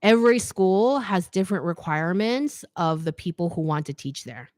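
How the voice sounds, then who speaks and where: A woman's voice: on the low side, lively intonation, normal speed, darkish tone, no room sound. Chatty woman reading out comments on her livestream, lots of "like", super dry close sound. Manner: chatty, laughs often, says "like" a lot. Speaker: fashion YouTuber hosting a live Q&A.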